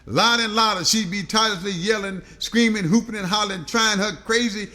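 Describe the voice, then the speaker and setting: A man's voice: high-pitched, fairly even intonation, fairly quick, pushed and bright. A man reading a comic audiobook story aloud, rambling through long lists with stumbles and repeats.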